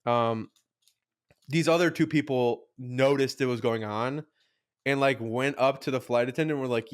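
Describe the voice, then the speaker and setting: A man's voice: mid-range voice, moderate pace, clear, resonant tone. A young man co-hosting a podcast, telling a story in casual chat, rambling with lots of "like", swearing and acting out quotes. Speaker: podcast co-host.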